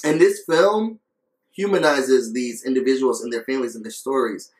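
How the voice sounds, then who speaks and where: A man's voice: medium pitch, normal speed, reverberant, a little hiss or hum, low-quality recording. A man talking earnestly in a casual vlog review, coughing between phrases and repeating himself for emphasis. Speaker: video reviewer.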